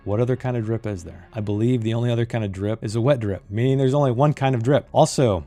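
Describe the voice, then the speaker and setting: A man's voice: on the low side, fast, few pauses, dark tone, soft background music. A man reviewing a novel in a critical monologue, emphatic and fond of repeating key phrases for effect. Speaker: book reviewer.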